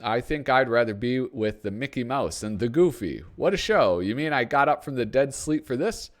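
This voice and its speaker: Brief: a man doing a sardonic old comic, punchy and loud, voice lifted. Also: medium pitch, animated, moderate pace, voice pushed up, natural voice. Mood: wisecracking. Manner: wisecracking, punchy delivery. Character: wisecracking old male comedian, sardonic and quick.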